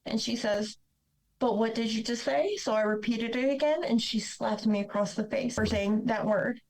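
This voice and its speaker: A woman appears on a podcast to recount her painful personal history in a frank, blunt, emotional way. Her voice is a little high and a little mellow at a normal speed, captured in a low-quality recording.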